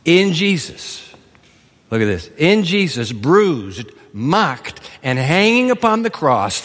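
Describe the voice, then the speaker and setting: Male pastor, lively and expressive, slightly high voice, sermon recorded in a big echoing church hall. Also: takes it slowly. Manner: animated, acts out biblical dialogue.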